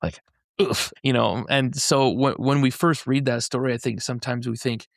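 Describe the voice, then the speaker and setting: Gravelly-voiced man telling a story. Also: mid-range voice, fairly even intonation, moderate pace, no room sound, clean studio sound. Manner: storytelling, paraphrases scripture in everyday slang, frequent restarts. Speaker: podcast speaker explaining a faith-based framework. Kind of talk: casual podcast conversation. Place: podcast studio in Utah.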